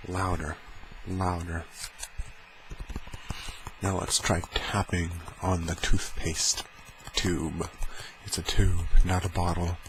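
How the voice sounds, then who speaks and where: A man speaking softly for an ASMR video, slow and playful as he demonstrates sounds at home. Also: little pitch movement. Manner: slow deep soft-spoken, playful and rambling. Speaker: ASMR creator. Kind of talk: ASMR soft-spoken demonstration. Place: home room with heater fan running. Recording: low-quality recording with fan noise. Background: heater fan hum.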